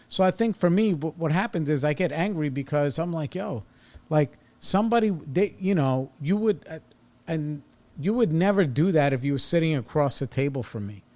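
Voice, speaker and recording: A man in his thirties hosts a podcast, telling a personal story bluntly and casually, with plenty of profanity, and his heat rises as he relives an argument. His voice is a little high and darkish in tone, animated, at a moderate pace.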